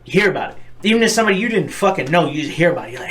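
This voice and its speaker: A man's voice: sits high, expressive, rapid-fire, a bit bright. A young man co-hosting a podcast, talking in a rambling, profane, earnest way in casual chat. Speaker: podcast co-host.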